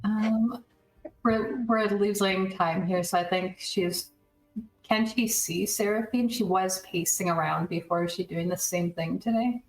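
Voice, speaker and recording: A woman's voice: mid-range voice, measured pace, soft background music, low-quality recording. A woman playing a tabletop game, asking direct, practical questions. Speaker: player. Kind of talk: casual tabletop play.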